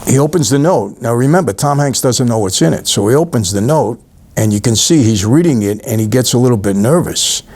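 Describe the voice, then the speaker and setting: A man's voice: mid-range voice, animated, brisk, a little mellow. Middle-aged man retelling a film scene. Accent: New York. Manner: conversational storyteller, addresses viewers directly, retells scenes. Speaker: channel host reviewing a film. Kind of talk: casual talk-to-camera film recap.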